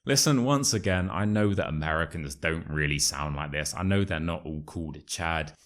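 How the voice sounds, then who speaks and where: A man's voice: rumbling low, normal speed. A British man hosting a casual English lesson video, joking and matter-of-fact, with British slang. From United Kingdom. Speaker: English teacher, YouTube host.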